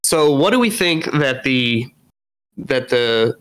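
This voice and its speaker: A man's voice: medium pitch, expressive, slow, fairly bright tone, clear, resonant tone, rough recording. A young man co-hosting a podcast, chatting casually and rambling until he loses his train of thought. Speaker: podcast co-host. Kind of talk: casual chat.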